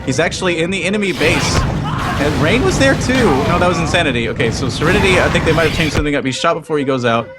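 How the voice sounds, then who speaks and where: Male esports play-by-play caster, higher voice, self-correcting, loud music bed. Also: animated. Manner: quick, thinking aloud, correcting himself. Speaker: game commentator. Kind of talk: live esports play-by-play commentary. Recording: game music loud behind the voice.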